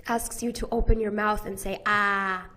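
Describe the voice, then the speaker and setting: A woman's voice: medium pitch, flat delivery, a little fast. An American woman teaching pronunciation, who models vowel sounds and repeats example words one at a time. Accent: General American. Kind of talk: slow, careful pronunciation lesson.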